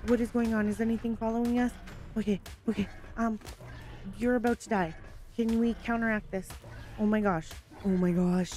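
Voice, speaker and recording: A woman hosting a solo gaming video, chatting casually through her play with panicky, excitable outbursts. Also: a little high, normal speed. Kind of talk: casual gameplay commentary.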